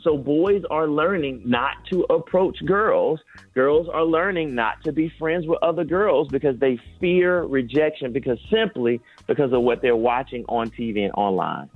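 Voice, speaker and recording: A man's voice: mid-range voice, lively intonation, moderate pace, no echo, soft background music. A man speaking as a guest doctor on a radio morning show, giving earnest, explanatory advice about kids and screens. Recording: phone-line sound, dry.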